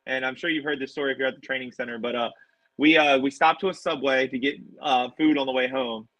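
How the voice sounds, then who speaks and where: A man's voice: mid-range voice, fairly even intonation, fast, a bit bright, no echo, poor audio. A man, a professional wrestler, telling stories in a casual interview, acting out quotes with animation.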